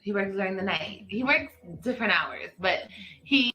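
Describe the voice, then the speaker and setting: Bright-voiced woman telling a story. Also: medium pitch, echoey room, slight background noise, poor audio. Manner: drawn-out animated storytelling. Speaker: vlogger. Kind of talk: storytelling to viewers.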